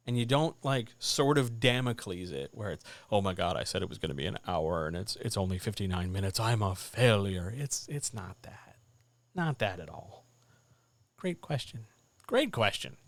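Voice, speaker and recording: Man, stream host, blunt and joking, casual advice chat, mid-pitched voice, dry close mic. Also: no echo. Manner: blunt, animated, conversational, with jokey asides.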